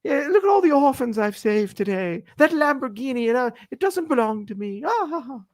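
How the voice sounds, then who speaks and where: A man voicing a fake-modest rich man who squeaks out stammering, coy denials in a high falsetto. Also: sing-song, a little fast, no room sound, clean studio sound.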